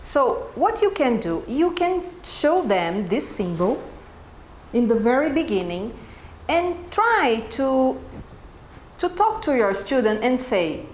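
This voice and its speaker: A woman with a Brazilian Portuguese accent, a native Portuguese speaker, presents to a room of teachers at an unhurried pace. Her voice sits a little high, and she ends almost every point with a checking "okay?". The sound is echoey, with faint noise behind it. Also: big pitch swings, darkish tone. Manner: keeps checking in with "okay?" after each point. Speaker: teacher trainer presenting a workshop. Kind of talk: live workshop talk to teachers. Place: event room with an audience.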